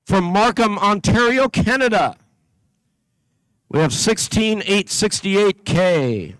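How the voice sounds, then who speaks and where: A man's voice: high voice, lively intonation, slow pace, fairly bright tone, smooth, no echo, poor audio. A man announcing competing teams at an event, reading a list steadily with small slips and asides. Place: event venue.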